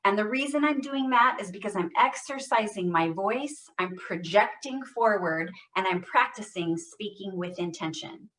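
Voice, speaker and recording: A woman speech therapist leading a voice exercise class over a video call, modelling short phrases loudly and stressing every single word. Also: medium pitch, lively intonation, moderate pace, hardly any pauses, recorded from a distance, rough recording. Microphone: computer mic on video call.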